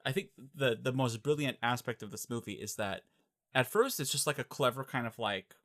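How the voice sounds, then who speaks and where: A man's voice: mid-range voice, animated, a little fast, a bit bright. A young man co-hosting a podcast, chatting casually about a film and now and then mimicking characters' voices. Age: young adult. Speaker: podcast co-host. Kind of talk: casual movie discussion.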